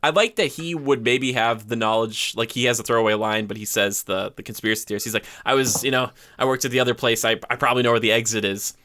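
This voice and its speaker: A man's voice: mid-range voice, fairly even intonation, quick pace, few pauses, bright, forceful tone. A man co-hosting a podcast, chatting casually about a movie and acting out scenes in quoted voices. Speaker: podcast co-host. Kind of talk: casual movie review chat.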